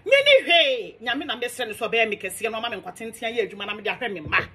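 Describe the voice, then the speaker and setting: A woman's voice: a little high, lively intonation, quick pace, a bit bright, slightly rough. A young Ghanaian woman delivering a heated, defiant, scolding monologue rant. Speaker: social media commentator.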